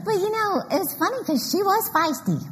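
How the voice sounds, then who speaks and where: A middle-aged woman giving an animated, story-filled motivational church talk, laughing often. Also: very high voice, fairly quick. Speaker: women's conference speaker. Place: church hall. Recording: reverberant hall mic, faint noise.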